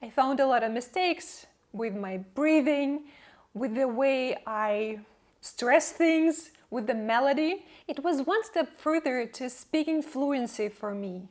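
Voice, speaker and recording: A young woman, not a native English speaker, telling her language-learning story in an earnest, measured vlog narration. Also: high-pitched, lively intonation, darkish tone. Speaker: English-learning channel host. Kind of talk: scripted personal vlog narration.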